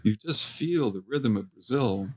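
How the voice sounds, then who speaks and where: A middle-aged man telling stories from his restaurant career in a casual interview, animated and quoting people as he goes. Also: medium pitch, unhurried. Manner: animated anecdote-telling, acts out quotes. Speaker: restaurant co-owner, guest.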